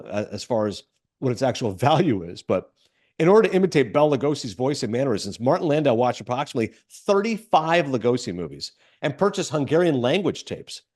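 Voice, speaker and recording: A man's voice: medium pitch, darkish tone. A man hosting a casual film podcast, reading trivia aloud with enthusiastic asides. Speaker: podcast host.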